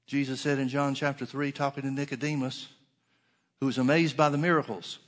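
A man preaching a sermon, earnestly repeating key phrases and slowing down to stretch out the scripture he quotes. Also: mid-range voice, fairly even intonation.

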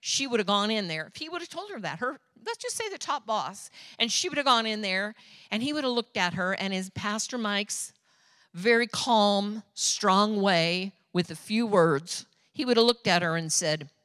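A woman preaching a sermon as a pastor's wife, telling personal stories in an animated, chatty way. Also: medium pitch, moderate pace, no room sound.

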